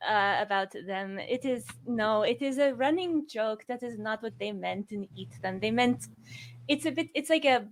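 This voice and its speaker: A woman's voice: on the high side, normal speed, a little hiss or hum, close to an everyday voice. A woman playing a wry, cool female vampire who explains herself patiently and apologetically. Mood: explaining.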